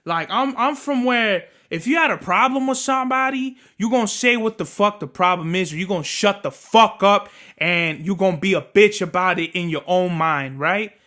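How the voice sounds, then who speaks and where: A young man hosting a podcast, telling work stories in an animated, profane rant. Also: high voice, moderate pace, hardly any pauses. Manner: animated, cursing, storytelling. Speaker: podcast host.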